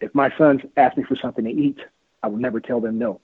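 A man's voice: mid-range voice, fairly even intonation, fast, husky, no echo. A man being interviewed as a street outreach worker, talking in a fervent, preachy way, repeating his points and laughing often. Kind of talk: preachy, emphatic interview talk. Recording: phone-line audio.

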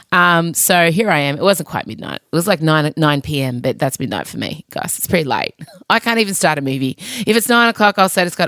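Woman, middle-aged, podcast host: chatty comic monologue with playful pitch swings, fairly low voice, dry close mic. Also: expressive, brisk, a bit bright, no room sound, soft background music. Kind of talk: casual comedic monologue.

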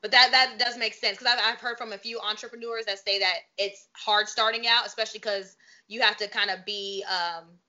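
A woman interviewing a guest in casual chat, playful and teasing, quick to laugh along. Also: mid-range voice, fairly even intonation, bright, forceful tone. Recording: dull lo-fi audio.

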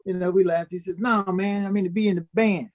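A man's voice: high-pitched, quick pace, no room sound. A man from Minnesota, a guest musician, telling a story in an interview and acting out the voices of the people in it. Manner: animated, acts out quoted voices.

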